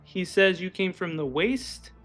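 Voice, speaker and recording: A man voicing a weary, gruff male half-orc commander in a tabletop game, stern and questioning. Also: sits high, expressive, a little slow, fairly bright tone, soft background music, voice pushed up.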